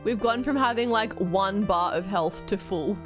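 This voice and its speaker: An Australian woman chatting through a live game stream in a bubbly, joking manner. Her voice sits mid-pitched, and her talk jumps quickly from one thought to the next. Game music plays clearly underneath.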